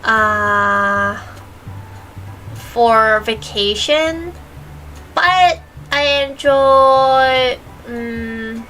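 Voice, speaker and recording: Woman, high bright voice, slow unhurried talk, mixed accent, giggly chat, faint music behind. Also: poor audio. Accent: mixed, part British, part American. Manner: giggly, searching for words. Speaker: virtual streamer. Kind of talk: casual stream chat reading chat questions.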